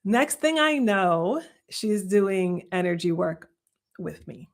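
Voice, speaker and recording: A middle-aged woman hosts a live stream and tells her story straight to viewers. She laughs often, acts out what she and others said, and repeats lines to drive them home. Her voice sits at an ordinary pitch. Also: slow pace. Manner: animated, laughs often, quotes herself, repeats phrases for emphasis. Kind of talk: casual storytelling to a live audience.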